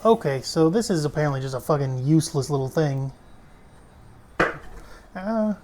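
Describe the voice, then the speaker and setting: A streamer chatting through a game in a loose, rambling way, swearing freely and joking at their own expense. The voice sits at a middle pitch, with a faint hiss of noise behind it. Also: expressive, moderate pace. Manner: rambling, profane and self-mocking. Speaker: let's play streamer. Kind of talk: casual gameplay commentary.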